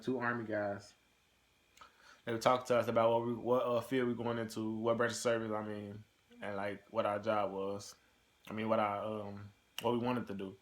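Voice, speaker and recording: Young male recruit vlogging into a camera mic, rambling and profane, mid-pitched. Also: fairly bright tone. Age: young adult. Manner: loose and profane, rambling with many fillers. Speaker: recruit in the delayed entry program. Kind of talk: casual video diary answering a question tag.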